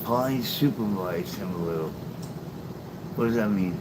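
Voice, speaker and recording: In an unhurried voice on the low side, a middle-aged man rambles through a late-night livestream. He responds to viewers by name with freewheeling profanity and sarcasm, against a steady background noise.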